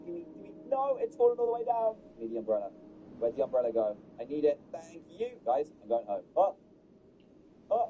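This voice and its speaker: A man giving Let's Play commentary as a gaming streamer, excitable and exasperated at the game's glitches. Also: fairly high pitch, highs cut off, a little hiss or hum.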